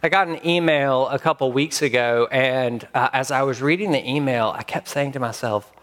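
A man preaching a sermon as pastor, emphatic with dramatic pauses. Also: medium pitch, fairly bright tone.

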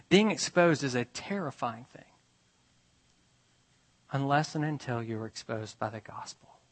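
A man's voice: fairly high pitch, fairly bright tone. A man preaching a sermon, emphatic and repetitive, pressing his listeners with rhetorical questions.

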